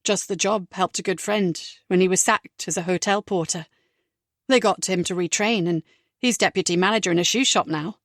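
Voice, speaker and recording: A woman's voice: fairly low pitch, moderate pace, a bit bright, no echo, clean studio sound, natural voice. A woman voicing a friendly, admiring male footballer from Wales in an audiobook, speaking earnestly and eager to please.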